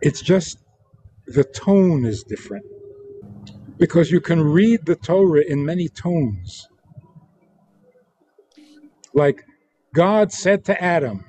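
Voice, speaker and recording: A man who is a religious teacher, answering interview questions in a deliberate way and acting out quoted lines in different tones. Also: a little high, lively intonation, warm tone, a little hiss or hum. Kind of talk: interview guest explaining teachings.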